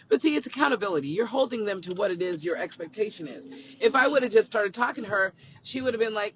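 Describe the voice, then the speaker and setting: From inside a car, a man with a high, fairly fast voice shares stories on a casual livestream, playing out quoted conversations with energy. He's a school employee as well as the stream's host, and the phone recording sounds a bit muffled with faint noise.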